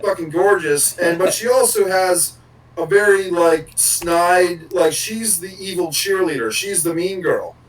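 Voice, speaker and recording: A man's voice: high-pitched, a little slow, far from the mic, rough recording. A man co-hosting a podcast, rambling casually and swearing now and then. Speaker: podcast co-host.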